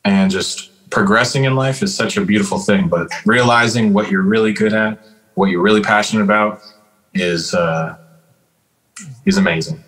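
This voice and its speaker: A man's voice: lowish voice, expressive, normal speed, a bit bright, rough recording. A man from Calgary co-hosting a casual hip-hop podcast, rambling through stories with lots of "like" and "dude". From Calgary, Canada. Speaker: podcast co-host and rapper. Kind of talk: casual chat.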